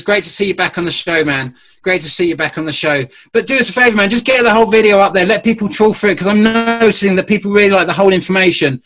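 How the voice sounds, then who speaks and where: A man's voice: sits high, a bit bright, low-quality recording. Earnest rambling man. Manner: rambling, restarts often, earnest. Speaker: guest. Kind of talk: conversational call-in chat.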